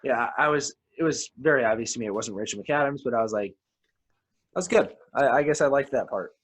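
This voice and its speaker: A man's voice: medium pitch, quick pace, slightly rough. A man co-hosting a film podcast, chatting casually and with strong opinions, often repeating his first words as he starts a sentence. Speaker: podcast co-host. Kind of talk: casual film review chat.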